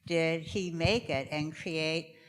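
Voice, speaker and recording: Slow, low-voiced woman heard from afar. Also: fairly even intonation.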